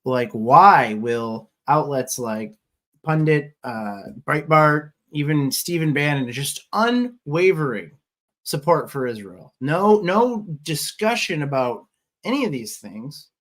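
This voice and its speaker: A man's voice: on the high side, expressive, takes it slowly, fairly bright tone. A man hosting a political commentary show, talking conversationally with pointed, sarcastic remarks. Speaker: host.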